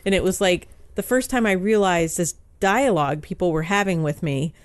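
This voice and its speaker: Woman in her 40s, guest columnist, chatty anecdote-telling, smooth clear voice, dry close sound. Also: fairly low pitch, moderate pace, dry recording. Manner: chatty storytelling with frequent "um" and "like". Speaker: guest author, newspaper columnist. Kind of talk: casual podcast interview.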